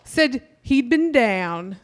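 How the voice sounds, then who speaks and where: A woman reading her own raunchy comedy piece aloud on a live theater stage, deadpan, breaking into loud bursts. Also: fairly high pitch, drawn-out words.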